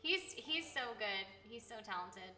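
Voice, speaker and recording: A woman's voice: mid-range voice, expressive, moderate pace, pushed and bright. A woman streaming a game, chatting in a bubbly way and reading viewers' messages aloud. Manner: bubbly, reads chat aloud. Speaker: streamer and voice actor. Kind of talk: casual livestream chat. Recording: echoey room.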